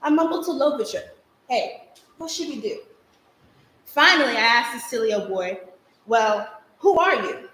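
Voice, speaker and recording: A stage actor, a young woman, delivers a theatrical monologue as a spirited girl looking back on her childhood, telling it vividly and rhythmically. Her voice is a little high and fairly bright, with lively intonation, a moderate pace, and long pauses. It was captured in an echoey live stage recording.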